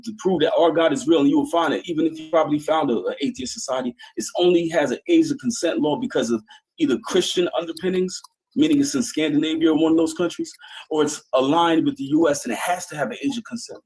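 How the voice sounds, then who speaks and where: Combative man with a husky voice. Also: a little high, quick pace, a little mellow. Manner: combative, talks over others. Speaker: Christian caller. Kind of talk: live call-in debate.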